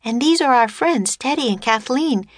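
A woman's voice: sits high, lively intonation, normal speed, no echo, studio quality, voice pushed up. A woman doing a chirpy little girl. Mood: eager. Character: cheerful eager nine-year-old girl.

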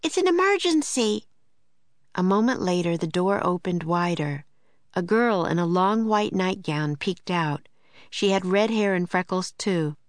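Low-voiced woman reading a storybook aloud. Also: a little slow, no room sound. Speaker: audiobook narrator. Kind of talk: scripted narration.

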